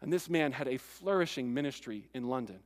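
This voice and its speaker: A male pastor preaching a sermon, earnest and stirring, with relaxed conversational asides to the congregation. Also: medium pitch, a little fast, in a large hall.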